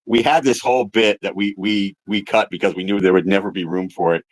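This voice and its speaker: Deep-voiced man, halting casual talk. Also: steady tone, no room sound. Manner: hesitant, many ums and restarts. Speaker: animation writer. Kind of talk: casual interview chat.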